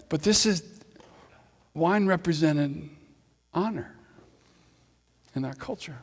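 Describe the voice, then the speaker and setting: A man's voice: a little high, slow pace, pauses often. A man preaching a sermon as pastor, talking in a conversational way with playful asides to the congregation. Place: church sanctuary. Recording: long hall reverb.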